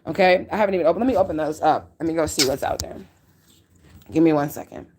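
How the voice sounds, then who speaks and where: A woman's voice: deep voice, fast, noisy background. A woman giving a casual tarot reading at home. She talks bluntly and swears, and she drives her points home with "okay?" and "period". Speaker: tarot reader. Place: at home near a window.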